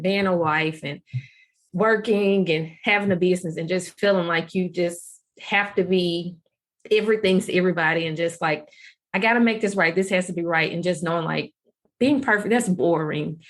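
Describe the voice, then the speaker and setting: A woman hosting a podcast interview, talking in an effusive, gushing and candid way. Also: lowish voice. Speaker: podcast host. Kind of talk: casual interview talk.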